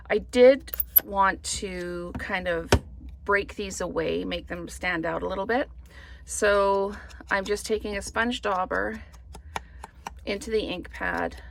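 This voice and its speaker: Chatty woman with a gravelly voice. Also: mid-range voice, a bit bright, a little hiss or hum. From Canada. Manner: chatty, thinks aloud while crafting. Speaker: papercraft demonstrator. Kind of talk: casual card-making tutorial.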